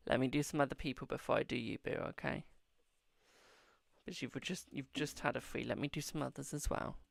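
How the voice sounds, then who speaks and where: A man's voice: mid-range voice, fairly even intonation, fairly quick, vocal fry, dry recording, studio quality. A man hosting a casual live-stream tarot reading, chatting affectionately with viewers and calling them "my darling".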